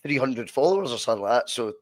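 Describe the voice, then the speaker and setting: A man's voice: mid-range voice, animated, rapid-fire, dry recording, clean studio sound. A man hosting a casual podcast over a video call, chatty and matey as he plugs the channel. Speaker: podcast host.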